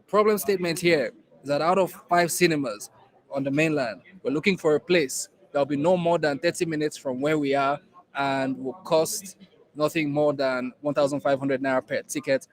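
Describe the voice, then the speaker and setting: A man with a Nigerian accent gives a classroom lecture in a somewhat high voice. He talks emphatically and repeats key lines for weight. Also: normal speed, poor audio. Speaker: innovation program instructor.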